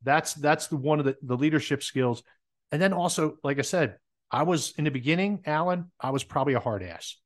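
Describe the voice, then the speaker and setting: A man from New Jersey with a New Jersey accent, a business owner telling lively stories as a podcast guest. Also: on the high side, a little fast. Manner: lively anecdotal storyteller. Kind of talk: casual interview storytelling.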